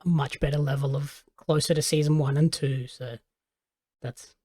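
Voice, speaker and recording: Host, relaxed and easygoing, mid-pitched conversational voice. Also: moderate pace. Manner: brief agreeing replies, easygoing. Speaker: podcast host. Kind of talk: casual podcast chat.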